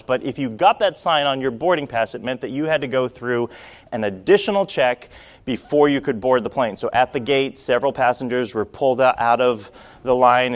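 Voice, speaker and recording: A man from Rhode Island telling a personal story to an audience in a wry, self-deprecating, lively way. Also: medium pitch. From Rhode Island, USA.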